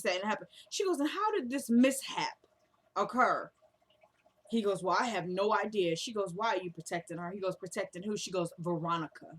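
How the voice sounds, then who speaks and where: A woman's voice: mid-range voice, fairly bright tone. A chatty woman recapping a TV episode in casual talk, acting out the characters' lines as she goes. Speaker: recap vlogger.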